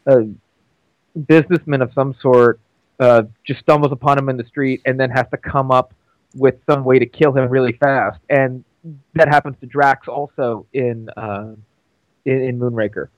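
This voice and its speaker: A man's voice: medium pitch, steady tone, moderate pace, no echo, highs cut off. A young man co-hosting a movie podcast, cracking dry jokes with frequent stammered restarts. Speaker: podcast co-host. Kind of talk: casual movie chat.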